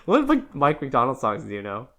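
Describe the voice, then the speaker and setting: A man's voice: medium pitch, huge pitch swings, moderate pace, fairly bright tone. A man co-hosting a podcast with his twin brother, talking in casual, joking banter and laughing often. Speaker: podcast co-host. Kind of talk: casual chat.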